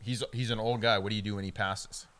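A man's voice: lowish voice, steady tone, fast talker, a bit bright. A man co-hosting a podcast, chatting casually, explaining things and correcting the others. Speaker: podcast co-host. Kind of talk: casual chat.

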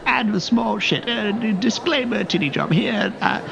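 A man's voice: sits high, animated, normal speed, creaky, dull audio, noisy background, voice pushed up, exaggerated voice. A man voicing a nervous, fussy male bank teller who stammers politely and lets curses slip.

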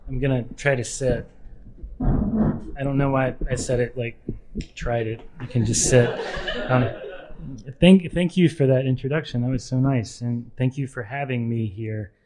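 A man's voice: medium pitch, fairly even intonation, unhurried, long pauses, crowd noise. A man at a live literary reading in a pub carriage house, nervously telling a rambling anecdote full of ums and restarts. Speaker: author reading at a literary event.

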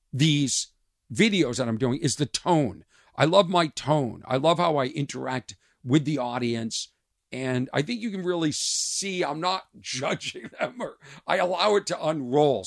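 A man hosting his own podcast, a comedian telling stories in an animated way and acting out exchanges. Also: a little high, creaky, dry recording, studio quality. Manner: animated storytelling, acts out exchanges. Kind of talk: casual podcast monologue.

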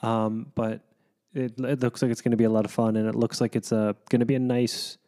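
A man's voice: mid-range voice, little pitch movement, a little fast, dark tone. A man co-hosting a casual podcast, chatting loosely with lots of fillers. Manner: rambling, with many fillers. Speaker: podcast co-host. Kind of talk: casual chat.

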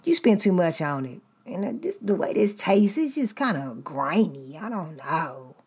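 A woman voicing an ungrateful woman who whines and complains about a gift, in a loud, exasperated, husky voice. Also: lowish voice, very animated, moderate pace. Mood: whiny.

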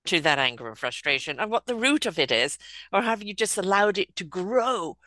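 A woman hosting a conversational interview, blunt and lively. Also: medium pitch, normal speed, dry recording. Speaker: podcast host.

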